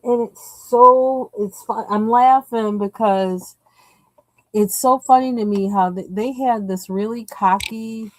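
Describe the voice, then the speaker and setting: A woman's voice: fairly high pitch, fairly even intonation, measured pace, hardly any pauses, no echo, rough recording. A woman hosting a coloring livestream, chatting casually and rambling while she picks colors. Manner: chatty and rambling, laughs often, trails off while searching for colors.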